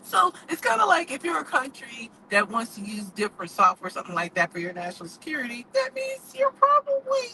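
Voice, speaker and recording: A woman giving her opinions in a casual monologue; outspoken and animated, she laughs often and keeps coming back to rhetorical questions. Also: high voice, a little fast, few pauses. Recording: steady background noise with passing traffic.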